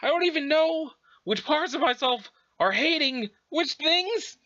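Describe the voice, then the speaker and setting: A stuttering, self-loathing fused abomination, put on by a male reader, speaking in halting, drawn-out bursts. The voice rides high and swings widely, with a bright edge over a dull, lo-fi recording. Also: lively intonation, full character voice. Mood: anguished. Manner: faltering, drawn-out, anguished.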